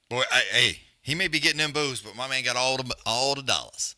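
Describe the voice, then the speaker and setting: A man's voice: mid-range voice, a little fast, few pauses, pushed and bright. A man hosting a live fight watch-along, trash-talking fighters in blunt, profane casual chat. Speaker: live stream host.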